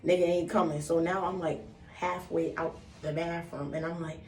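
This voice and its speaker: A young woman in her twenties tells a story in a loose, animated way, swearing freely and acting out quotes. Her voice sits on the low side. She sounds a little far from the mic in a reverberant room, with faint noise behind her. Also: moderate pace. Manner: animated, profane, acts out quotes. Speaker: vlogger. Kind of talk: casual storytime. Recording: roomy, distant mic, faint background noise.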